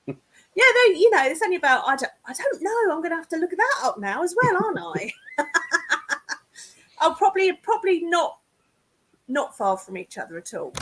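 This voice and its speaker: Lively high-voiced woman. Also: moderate pace, long pauses. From England. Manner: chatty, laughs often, self-deprecating. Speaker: guest psychic medium. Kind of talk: casual chat over a video call. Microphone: video call.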